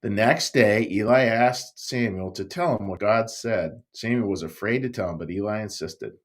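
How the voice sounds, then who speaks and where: A man, a pastor, telling a Bible story to young children in a playful, animated way, speaking right to the kids. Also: on the low side, normal speed.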